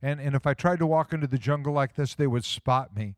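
A man's voice: mid-range voice, fast talker, no room sound, clean studio sound. A man preaching a sermon in a folksy, conversational way, full of rhetorical questions. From small-town Midwest US.

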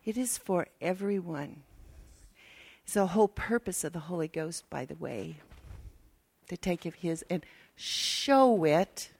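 A woman's voice: fairly low pitch, lively intonation, unhurried, gravelly, darkish tone, husky. An older woman minister, preaching a chatty, folksy sermon with asides to her congregation.

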